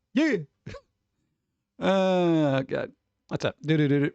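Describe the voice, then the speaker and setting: A man's voice: on the high side, slow, vocal fry, a little mellow, smooth, no echo, lo-fi sound. A man chatting casually on a live stream, rambling, swearing freely and often laughing.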